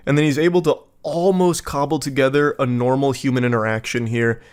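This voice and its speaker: A man's voice: mid-range voice, a little fast, smooth. Sarcastic man doing comedic commentary. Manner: sarcastic, deadpan mockery.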